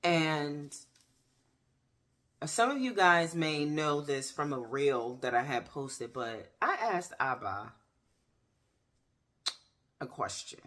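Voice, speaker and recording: A woman in her thirties giving a candid personal faith testimony, talking straight to her viewers with pauses and restarts. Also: deep voice, lively intonation, a bit bright. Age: 30s. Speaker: faith vlogger. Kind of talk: personal faith testimony, casual talk to camera.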